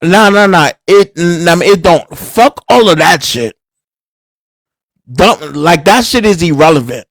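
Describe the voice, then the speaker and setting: A man airs a grievance on a livestream, swearing freely and circling back over the same points. His voice sits slightly high for a man. The sound is close and dry, with no room echo. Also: expressive, a little slow, creaky, fairly bright tone. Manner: angry, profane, repeats himself, many fillers. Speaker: livestream host. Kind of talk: heated livestream rant.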